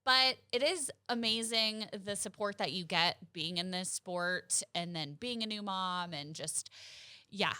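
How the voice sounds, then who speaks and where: Young female co-host, gushing and earnest, crisp bright tone, dry room. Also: medium pitch, a little slow, no room sound. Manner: earnest, gushing, filler-heavy with "like" and "you know". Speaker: podcast co-host. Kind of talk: casual chat.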